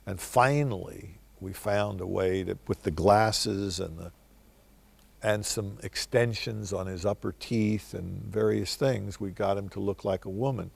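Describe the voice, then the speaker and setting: A man's voice: lowish voice, measured pace, creaky, husky. An older man, a film director, telling wry, reflective stories in answer to interview questions.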